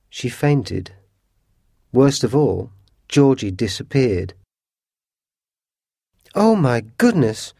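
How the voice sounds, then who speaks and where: A man narrating a storybook in a measured, expressive reading. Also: medium pitch, vocal fry, dry recording, clean studio sound.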